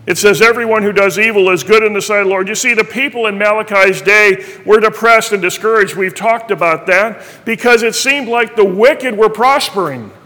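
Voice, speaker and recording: High-voiced man preaching in a reverberant hall. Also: normal speed, hardly any pauses, sharp tone. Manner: earnest preaching, reading scripture aloud. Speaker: pastor. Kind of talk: sermon.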